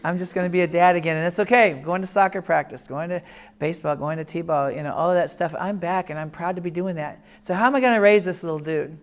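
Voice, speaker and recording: A man in his fifties giving a humorous personal talk, animated, joking and acting out voices as he tells family stories to a room. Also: high-pitched, quick pace. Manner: animated storyteller, lively jokes, acts out voices. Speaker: speaker. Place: classroom or lecture room.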